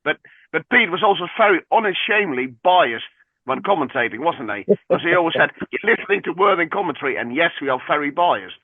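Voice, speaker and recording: A man's voice: on the high side, big pitch swings, fairly quick, slightly rough, no echo. A man chatting on a podcast in a hesitant, conversational way. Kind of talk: casual chat. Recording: tinny phone-like remote line.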